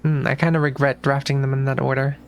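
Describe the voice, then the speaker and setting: A woman's voice: extremely low pitch, flat delivery, quick pace, a little hiss or hum. A woman streaming a puzzle game, talking through her moves in loose, casual commentary and restarting her sentences often. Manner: thinks aloud, restarts sentences, swears casually.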